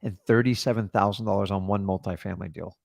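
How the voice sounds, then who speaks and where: A man coaching a caller in a casual, blunt way, acting out phone calls with quick changes of voice. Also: sits low, fairly even intonation, vocal fry, no room sound, studio quality. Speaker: real estate investor coaching a caller.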